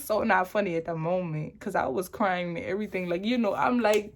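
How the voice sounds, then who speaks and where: A woman's voice: medium pitch, normal speed, vocal fry, few pauses. A young adult woman telling a personal story on her vlog in a chatty, rambling, dramatic way. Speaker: vlogger.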